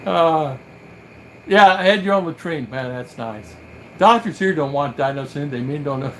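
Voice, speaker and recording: A man's voice: fairly high pitch, lively intonation, moderate pace, fairly bright tone, a little hiss or hum, rough recording. An older man from the United States hosting a casual livestream, telling rambling stories and acting out the voices of people he quotes. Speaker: livestream host.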